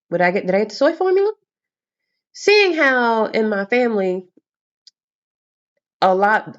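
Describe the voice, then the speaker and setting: A young woman vlogging, telling a story casually to camera in an animated, expressive way with casual swearing. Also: mid-range voice, dull audio.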